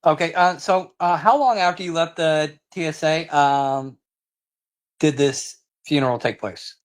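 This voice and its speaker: A man's voice: on the high side, a little slow. A man interviewing a guest, hesitant and repeating words before his questions.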